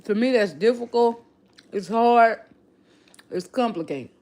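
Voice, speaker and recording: A woman's voice: on the high side, expressive, unhurried, a little mellow. A woman with a regional accent chatting casually on a livestream, reflective and often repeating and restarting her phrases. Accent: non-local regional accent. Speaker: livestream host.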